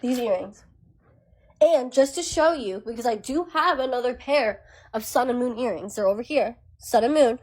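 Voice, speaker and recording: A woman in a social media video, talking in an excitable, rambling way. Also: on the high side, normal speed, husky.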